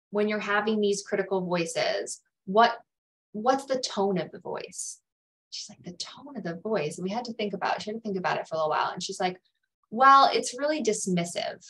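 A woman's voice: mid-range voice, poor audio. Earnest woman coaching in a webinar. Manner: earnest, acts out anxious inner voices. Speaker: career coach. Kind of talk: webinar presentation.

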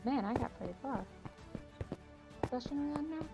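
Woman gamer host, casual self-mocking commentary, gravelly fry, game music underneath. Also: high voice, lively intonation, a little fast. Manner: chatty, self-mocking, thinks aloud while playing. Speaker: gaming channel host.

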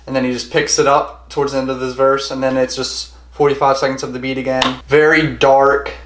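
A man's voice: medium pitch, little pitch movement, brisk, fairly bright tone. A young man reviewing an album in a casual, rambling monologue, swearing a lot and repeating himself. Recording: roomy echo.

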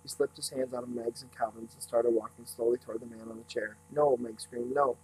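A man reading a novel aloud in a steady, unhurried way, now and then slipping and starting a phrase over. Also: medium pitch, breathy edge, rough recording. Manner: steady, unhurried reading with small slips and restarts. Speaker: reader.

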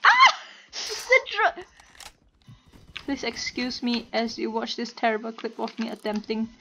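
A woman with a stuffy nose and a cough, giving excitable, chatty gameplay commentary and laughing often. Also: a little high, moderate pace. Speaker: gamer and streamer. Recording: dull lo-fi home recording, faint noise.

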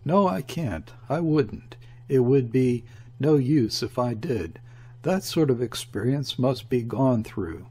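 A man voicing a gruff, overbearing ship's mate who speaks curtly and defiantly, in a storybook reading. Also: medium pitch, lively intonation, slow pace, darkish tone. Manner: curt and defiant.

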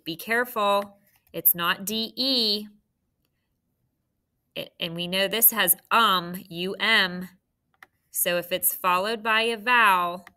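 Speaking at a medium pitch with a bright, forceful tone, a woman teaches phonics to third graders. Her delivery stays slow and clear, and she comes across as patient and encouraging toward the young learners.

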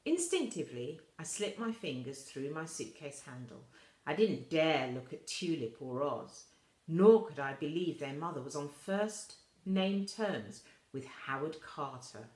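A woman slowly reading a children's novel aloud, voicing the quoted characters a little higher. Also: very animated. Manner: slow, soft reading with quoted voices lifted higher. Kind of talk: storybook read-aloud. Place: school room. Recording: echoey room.

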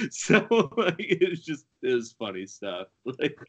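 A man's voice: a little high, huge pitch swings, slow, muffled recording. A man from the Buffalo area, a guest angler, chatting casually and laughing through his stories. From Buffalo area, USA. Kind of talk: casual podcast chat.

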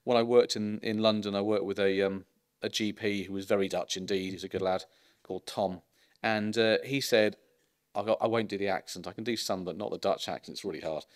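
Chatty low-voiced middle-aged doctor lecturing. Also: male voice, fairly even intonation, fairly quick. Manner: chatty and anecdotal, with ironic asides and frequent ums. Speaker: consultant geriatrician giving a public lecture. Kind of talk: informal public lecture.

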